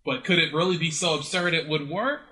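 A man playing along in a casual guessing game, jokey and quick to laugh. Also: fairly high pitch, roomy sound, distant mic, background noise. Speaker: contestant.

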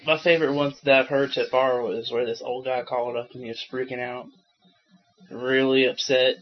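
A man's voice: medium pitch, level tone, normal speed. A man co-hosting a podcast, telling wry stories about his tech-support work in casual chat. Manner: wry, anecdotal storytelling. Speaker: podcast co-host, former tech support worker. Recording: dull lo-fi podcast audio.

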